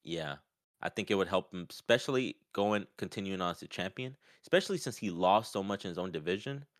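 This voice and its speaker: A man talking casually about a fight, often acting out what others said in a raised, lively voice. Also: deep voice, a little fast, no room sound, studio quality. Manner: animated, acts out quotes in raised voice. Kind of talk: casual sports chat.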